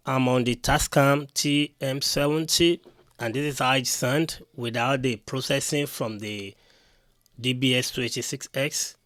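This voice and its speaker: Man, mid-pitched, chatty gear demo to camera, dry close mic. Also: fairly bright tone, no room sound. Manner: repetitive, talks to viewers directly. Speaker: tech reviewer.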